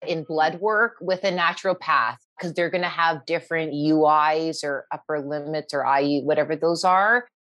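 Plain-spoken woman, slightly low voice, casual chat. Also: fairly even intonation, moderate pace, few pauses, fairly bright tone.

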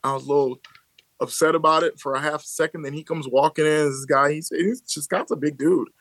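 A Chicago-area baseball coach in his thirties, guesting on a podcast, tells stories in a casual, conversational way, laughing often and acting out quoted lines. His voice is on the high side, brisk, with vocal fry and no echo.

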